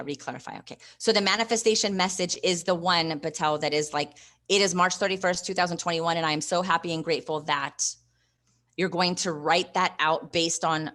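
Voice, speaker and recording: A woman's voice: low-pitched, a bit bright. A woman hosting a live online training, coaching viewers and reading their comments aloud in an encouraging way. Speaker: host and investing coach.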